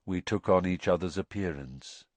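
A man voicing a drugged young man who confesses in a flat, expressionless voice. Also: sits low, moderate pace, dry recording, close to an everyday voice. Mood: flat monotone.

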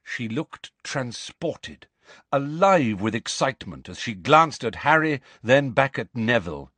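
A man narrating an audiobook in an expressive, dramatic storytelling manner. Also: medium pitch, a little slow, no echo.

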